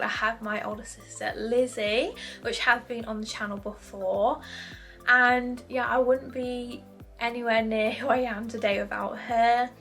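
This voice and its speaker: A woman's voice: fairly high pitch, sharp tone. A young woman chatting casually on her vlog, answering viewer questions with lots of fillers and giggles. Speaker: YouTuber. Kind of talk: casual chat.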